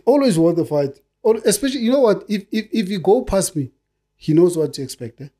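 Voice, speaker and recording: Husky older South African man. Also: high voice, fairly quick. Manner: animated, repeats words in bursts, keeps asking "you understand?". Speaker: former footballer, guest. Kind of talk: casual storytelling interview.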